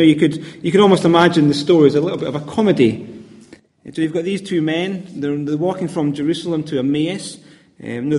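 A man's voice: a little high, darkish tone. A man preaching a sermon in a conversational, hesitant way, often repeating words and using fillers. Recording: long hall reverb.

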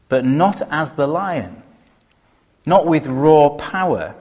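A man's voice: a little high, animated, slow, darkish tone. A man preaching a sermon, emphatic and full of rhetorical questions. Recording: reverberant hall.

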